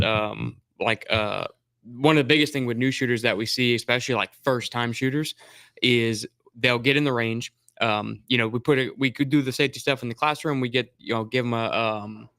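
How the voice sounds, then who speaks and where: A man with a bright, crisp voice chats about teaching new shooters, hesitating often and restarting his sentences. The recording is dry and close to the mic. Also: mid-range voice, brisk, no room sound. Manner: chatty, hesitant, full of fillers and restarts. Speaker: firearms instructor. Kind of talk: casual explanatory chat.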